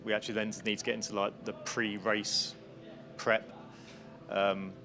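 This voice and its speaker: A man's voice: fairly low pitch, a little slow, music in the background. A man, a race team mechanic, chatting casually and informally about prepping the car. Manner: relaxed and chatty, informal slang. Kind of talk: casual chat to camera.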